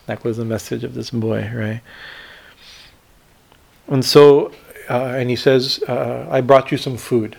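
Male swami teacher, gravelly mid-pitched voice, halting storytelling with fillers. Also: little pitch movement, a little mellow. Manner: halting, many fillers and repeated "right?". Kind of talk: spiritual discourse retelling a story.

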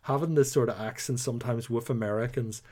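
A young man with a Northern Irish accent, co-hosting a podcast in a chatty, animated way. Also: medium pitch, brisk. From Northern Ireland. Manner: chatty, animated storytelling with playful put-on voices. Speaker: podcast co-host. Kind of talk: casual chat.

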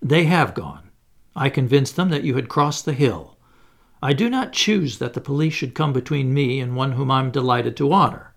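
A man's voice: mid-range voice, normal speed. A man doing a suave, menacing old villain. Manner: calm, smooth, assured.

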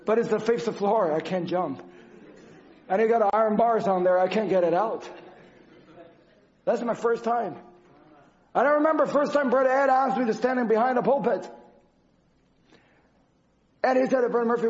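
High-voiced man giving a halting testimony. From Canada. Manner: earnest, halting, non-native phrasing with restarts. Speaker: church speaker. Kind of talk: personal testimony sermon. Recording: dull lo-fi sound.

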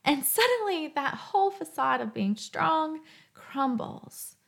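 As a podcast host, a woman with a fairly high, gravelly voice offers a heartfelt talk on faith. She reflects aloud earnestly and emotionally, soft and gentle as if telling kids a story, speaking slowly with big swings in pitch.

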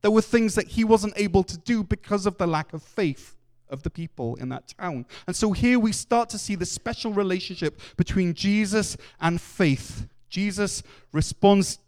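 A man preaching a Sunday sermon in a church, earnest and lively as he acts out the voices in his stories. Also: sits high, normal speed.

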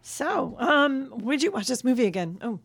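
A woman co-hosting a casual movie review chat, relaxed and hesitant with frequent ums. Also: high-pitched, moderate pace, creaky, breathy edge, dry recording. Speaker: podcast co-host.

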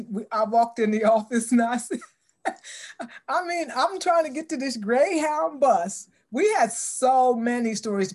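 A middle-aged woman telling a story in an interview, acting out the dialogue with lively shifts in voice. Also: a little high.

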